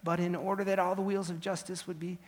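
Man playing a male judge, halting speech, fillers and restarts, raised pitch. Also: flat delivery, lightly acted. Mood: stern. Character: hesitant, impatient male judge.

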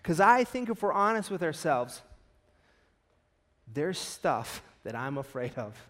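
Delivering a sermon, a male pastor tells stories with real animation and performs the quoted voices himself. His voice is fairly high, and he takes his time.

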